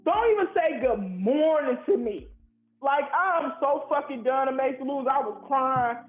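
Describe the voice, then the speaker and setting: Heated high-voiced man on a phone line. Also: expressive, normal speed, soft background music. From Ohio. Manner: heated, profane, rambling. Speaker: caller. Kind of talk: angry call-in rant. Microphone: phone call. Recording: tinny echoey phone line.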